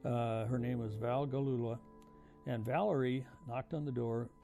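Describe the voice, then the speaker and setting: An older veteran with a gravelly, creaky voice tells his story slowly and reflectively. He pauses often with "uh" fillers as he recalls events. Music plays clearly beneath his voice. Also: medium pitch, fairly even intonation, mellow. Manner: halting, reflective, frequent uh fillers. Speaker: veteran recounting memories. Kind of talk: oral history storytelling. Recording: music playing under voice.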